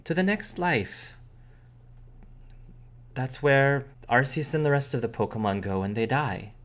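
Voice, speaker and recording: Gentle mother of two, put on by a man, calm and careful. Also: mid-range voice, unhurried, pitched above the performer's own voice, close to an everyday voice.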